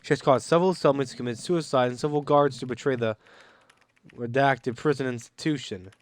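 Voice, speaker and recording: A man narrating a game, reading test reports aloud slowly and deliberately, now and then coughing. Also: medium pitch. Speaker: gaming channel narrator.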